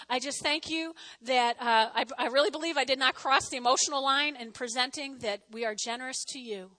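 A woman pastor preaching a sermon and offering appeal, talking fast in a chatty, self-mocking, animated way. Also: high voice.

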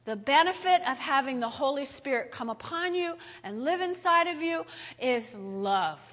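A middle-aged woman pastor giving a chatty, animated sermon that swings up to loud exclamations. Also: sits high, normal speed, big-room sound.

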